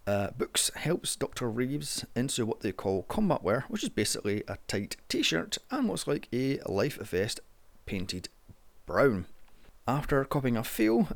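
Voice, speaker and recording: A man's voice: mid-range voice, big pitch swings, measured pace. A man narrating a casual movie review in a sarcastic, sweary way.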